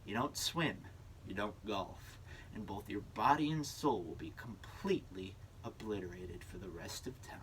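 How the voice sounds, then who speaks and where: A young man doing a low, half-whispered male commercial narrator in a whispered role-play. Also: normal speed, slight background noise, close to an everyday voice, rough recording. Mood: ominous.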